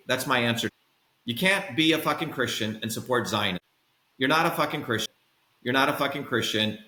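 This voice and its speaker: A man's voice: mid-range voice, sharp tone, roomy sound. A man from India, a podcast guest and political candidate, ranting in a profane, combative and emphatic way. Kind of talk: heated political rant.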